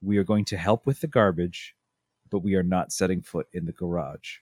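A man's voice: sits low, normal speed, breathy edge, dry recording. Dry-voiced man telling a family story. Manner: animated storytelling, acting out his family's lines. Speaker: podcast co-host. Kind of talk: casual chat.

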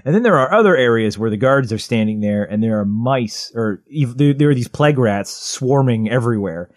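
A man in his thirties, co-hosting a podcast in casual chat, rambling excitedly with lots of "like" and restarts. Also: mid-range voice, brisk, dry recording, clean studio sound. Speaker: podcast co-host.

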